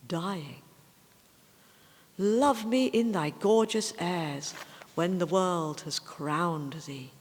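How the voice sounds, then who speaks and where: Slow woman reciting poetry. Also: on the low side. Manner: slow, measured recitation with hesitant chatty remarks between poems. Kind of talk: poetry recital with casual asides. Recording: long hall reverb.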